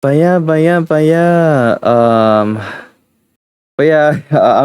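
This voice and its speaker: A man's voice: on the high side, fairly even intonation, darkish tone, clear, resonant tone, no room sound. A tired, sleepy male streamer winding down his stream in casual chat, rambling and restarting his sentences. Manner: rambling, halting, with many restarts and fillers.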